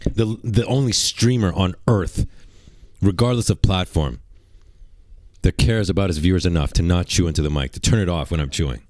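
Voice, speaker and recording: A man streaming live, chatting brashly and excitably to his viewers and reading out gifts. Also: sits low, normal speed, dry recording, clean studio sound. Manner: brash, excitable, talks to chat. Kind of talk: casual livestream chat.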